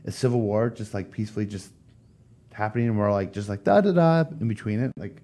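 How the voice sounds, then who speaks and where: An American man in his thirties, appearing as a podcast guest, tells a story in casual conversation. He's animated and acts out the voices of the people he quotes, speaking quickly in a fairly low pitch.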